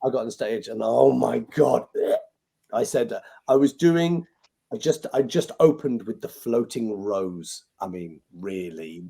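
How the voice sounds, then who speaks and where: British male magician, chatty anecdotal guest, mid-pitched, lively and a bit sweary. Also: unhurried, creaky, breathy edge. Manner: animated, swears freely, acts out quoted lines. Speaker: podcast guest, magician and compere. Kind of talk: anecdotal storytelling interview.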